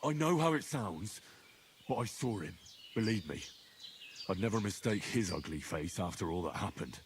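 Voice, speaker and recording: Man doing a stubborn young hero in a game, lowish voice, dead set on revenge. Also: animated, normal speed, slight background noise, lightly acted. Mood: earnest. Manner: earnest, insistent. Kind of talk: game voice acting.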